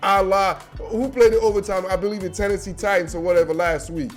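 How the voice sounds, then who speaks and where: A man's voice: high voice, steady tone, fairly quick, soft background music. A man hosting his own sports predictions show, talking casually and slangily with lots of bro and man. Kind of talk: casual monologue.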